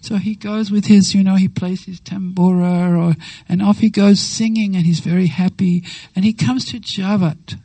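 A woman giving a devotional talk, telling a sacred story with lively acted-out quotes and slow, reverent phrasing. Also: mid-range voice, no room sound, poor audio. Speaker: devotional speaker.

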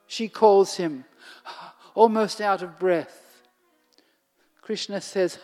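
A storyteller narrates a devotional tale at an unhurried pace, sometimes dropping to a whisper. The voice trails into a long hall reverb with faint music beneath it. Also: mid-range voice. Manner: slow and expressive, sinking to a whisper at times.

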